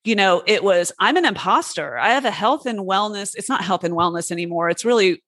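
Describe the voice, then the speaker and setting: A woman hosts a podcast in a relaxed, conversational way, talking candidly and poking fun at herself, with an easy laugh. Her voice sits at an ordinary pitch and is recorded dry and close to the mic. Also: brisk, no room sound. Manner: candid, self-deprecating, laughs easily. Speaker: podcast host. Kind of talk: casual conversational chat.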